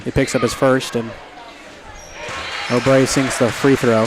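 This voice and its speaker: Male play-by-play caller, energetic and jokey, noisy gym feed. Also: mid-range voice. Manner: excitable, jokey, quickens on big plays. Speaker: play-by-play announcer. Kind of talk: live basketball commentary. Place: high school gym.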